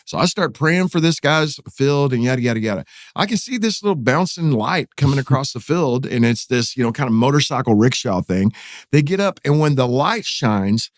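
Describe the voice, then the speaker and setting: Animated middle-aged Texan pastor telling stories. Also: male voice, mid-range voice, a little fast, dry recording, clean studio sound. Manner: animated, dramatic retelling with rising excitement. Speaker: pastor and guest storyteller. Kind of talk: casual storytelling in a podcast interview.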